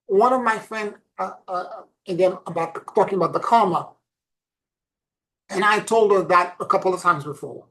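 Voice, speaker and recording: A woman giving a casual spiritual talk, telling stories earnestly and repeating her points, dropping to soft asides and rising to emphatic peaks. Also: mid-range voice, moderate pace, low-quality recording. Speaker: spiritual teacher.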